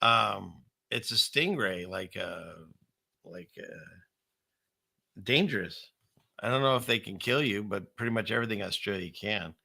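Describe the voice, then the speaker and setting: A man's voice: fairly low pitch, expressive, measured pace, gravelly, bright, forceful tone. A middle-aged man hosting a casual, rambling commentary show with a conspiratorial, chuckling manner. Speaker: channel host.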